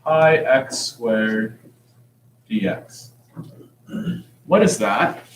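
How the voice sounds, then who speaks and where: In an echoey classroom picked up by a distant mic, a man teaches calculus with a joking, conversational manner. His mid-range voice is animated and stretches out words, and a little hiss or hum can be heard.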